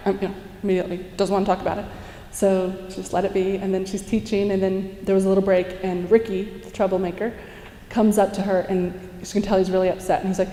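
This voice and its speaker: A young woman speaks to a conference crowd, her voice mellow and soft-edged. She tells lively stories, acts out the quotes and laughs often. The sound rings through a large echoey hall. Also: mid-range voice, fast talker. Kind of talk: inspirational talk to a live audience. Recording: echoey hall, heard from a distance.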